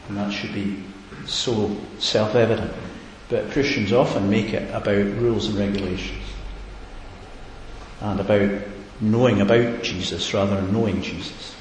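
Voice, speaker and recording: A man preaches in a low, earnest voice that builds to emphatic repeated questions. His voice rings with a long echo off a large hall. A faint hiss runs beneath it. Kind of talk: sermon. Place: church hall.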